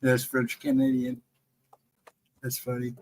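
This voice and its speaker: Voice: medium pitch, big pitch swings, slow, a little mellow, slightly rough, poor audio. A co-host chiming in on a live stream with brief, supportive remarks.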